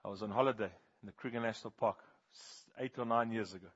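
A man preaching a sermon, telling animated stories and swinging from loud bursts to hushed, slow appeals. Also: on the low side, slightly rough. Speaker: pastor. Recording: dull, muffled sound.

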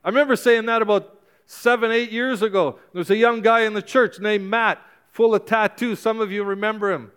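A man's voice: high voice, fairly even intonation, brisk, fairly bright tone, smooth. A male pastor preaching a sermon with passion, urging and exhorting his congregation with repeated calls.

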